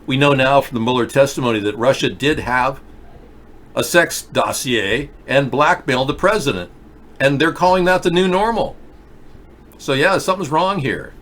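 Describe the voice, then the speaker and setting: A man's voice: mid-range voice, moderate pace, fairly bright tone. A man hosting a live political video chat show, talking emphatically and directly to viewers while wearing a mouth guard. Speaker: political talk show host.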